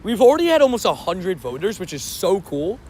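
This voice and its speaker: A man's voice: high-pitched, sing-song, a little fast, darkish tone. A man hosting a live stream outdoors near traffic, chatting casually and rambling while laughing easily with viewers.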